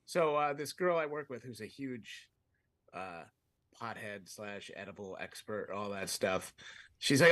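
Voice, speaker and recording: This comedy podcast co-host has a lowish, fairly bright, expressive voice and takes his time. An adult man with a fiance, he spins a long, rambling story in a relaxed way, frequently stopping to laugh partway through sentences.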